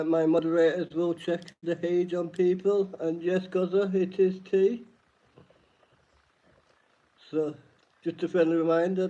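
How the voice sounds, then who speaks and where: High, slow man hosting trivia. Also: mellow. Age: adult. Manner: reads each question twice, greets chat by name. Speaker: live stream host. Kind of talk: casual live-stream trivia chat. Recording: dull lo-fi stream audio.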